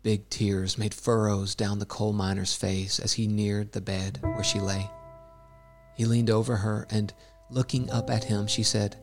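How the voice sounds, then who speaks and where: A man narrates a devotional story and scripture in a measured, solemn reading. His voice sits low and stays flat. Faint instrumental music plays underneath.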